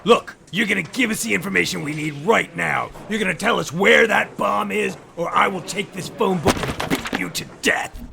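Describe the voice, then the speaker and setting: A man playing a gruff, threatening male cop in an improv comedy sketch. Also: high voice, normal speed, background noise, voice pushed up. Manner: threatening, barking. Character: gruff tough-guy male cop interrogating.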